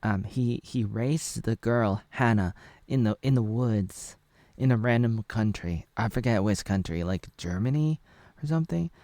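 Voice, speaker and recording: A man's voice: fairly low pitch, a little slow, warm tone, no room sound. An American man in his thirties rambling through a spoiler recap of a TV episode, with many asides and fillers. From United States. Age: 30s. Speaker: video reviewer.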